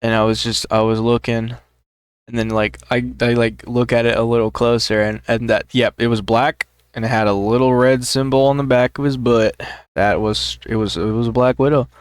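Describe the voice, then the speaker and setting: A young man co-hosting a casual podcast, telling a story in a halting way with many fillers. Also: mid-range voice, level tone, clean tone, dry recording, studio quality. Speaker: podcast co-host. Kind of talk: casual chat.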